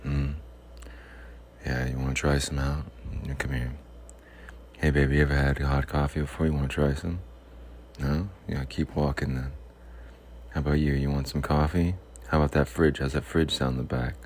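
A man putting on a hushed, crooning ladies' man. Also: extremely low pitch, flat delivery, a little hiss or hum. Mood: flirty. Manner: slow seductive crooning. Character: smooth deep-talking male ladies' man persona. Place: home room with fridge and air purifier.

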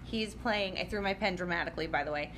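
A woman's voice: lowish voice, fast, background noise. A woman co-hosting a podcast in casual chat, gushing and laughing often as she talks. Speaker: podcast co-host.

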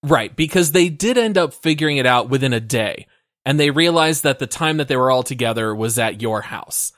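A man chats on a podcast in a relaxed, amused way and nudges his co-host along. His voice sits at a middle pitch. The sound is dry and close. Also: brisk, dry recording. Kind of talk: casual storytelling chat.

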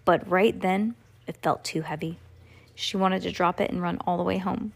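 A woman's voice: on the low side, fairly even intonation, moderate pace, gravelly, slightly rough. A woman reading a children's storybook aloud as a podcast host, breaking off for playful, chatty asides to a child listening. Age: adult.

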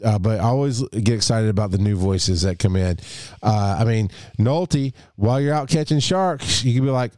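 A man's voice: on the low side, normal speed, darkish tone, no room sound, clean studio sound. A man co-hosting a podcast in casual, upbeat chat, laughing often as he signs off. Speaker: podcast co-host.

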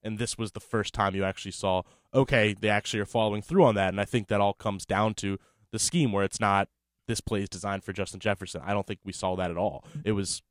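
Casting: male sports podcast analyst, low voice, rapid delivery. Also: fairly even intonation, dry recording, studio quality. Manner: quick, fluent analysis with many "I mean"s. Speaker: podcast co-host. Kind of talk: casual sports talk.

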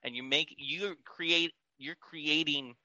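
A man's voice: fairly high pitch, steady tone, takes it slowly, pushed and bright, no room sound, muffled recording. A man, a podcast sound engineer, ranting in casual talk and mimicking screaming people. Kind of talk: casual rant.

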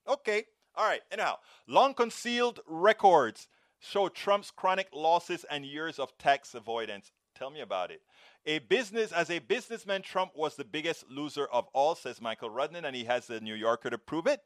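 A middle-aged man from Panama with a Panamanian Spanish accent, hosting a live stream and reading viewer comments, rolling his R's in a lively, expressive way. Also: fairly high pitch, fairly quick, no echo, clean studio sound.

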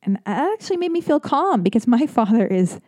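Woman podcast host chatting loose and jokey, mellow warm voice, dry close sound. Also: a little high, big pitch swings, brisk, no echo. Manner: rambling and self-deprecating, full of fillers and jokey asides. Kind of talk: casual personal monologue.

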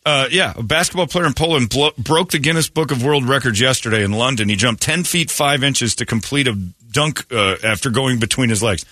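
Bright, animated man, joking radio host, dry studio sound. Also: medium pitch, a little fast, few pauses, dry recording. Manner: loose, joking, rambling. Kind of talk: casual morning radio banter.

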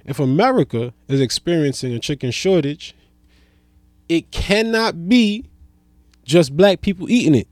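A young adult man doing a stand-up comedy monologue. He is profane, loose and rambling, and jumps between loud outbursts and low mutters. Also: expressive, unhurried, no echo, studio quality.

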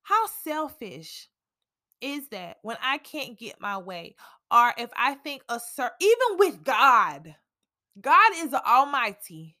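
A woman's voice: sits high, sing-song, takes it slowly, sharp tone. A young woman, hosting a casual faith podcast and talking candidly, with dramatic asides to herself. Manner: candid, preachy, with dramatic self-talk asides. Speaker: podcast host.

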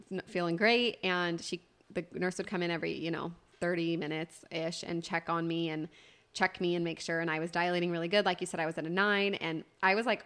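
A woman's voice: fairly low pitch, creaky. A young woman co-hosting a podcast, telling a story in casual chat and acting out the voices of others. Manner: chatty, animated storytelling with quoted voices. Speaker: podcast co-host.

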